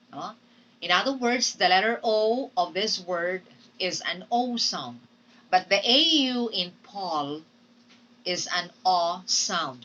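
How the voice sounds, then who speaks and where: A woman teaching English pronunciation in a recorded lesson. She speaks deliberately, models example words aloud and often checks in with "okay?". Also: fairly low pitch, expressive, sharp tone, recorded from a distance, rough recording.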